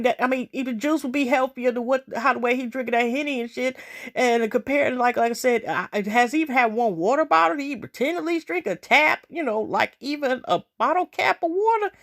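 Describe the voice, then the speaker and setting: A woman casually recapping a reality show episode, rambling with lots of fillers and talking straight to her viewers. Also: fairly high pitch. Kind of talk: casual chat.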